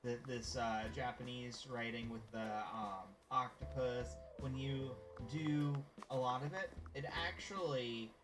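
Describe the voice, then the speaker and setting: Slow-talking Southern man streaming a game. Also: medium pitch, fairly even intonation. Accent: Southern US twang. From Southern United States. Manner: rambling, with frequent fillers and restarts, drops to a whisper when musing. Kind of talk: casual gameplay stream chat. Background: game music.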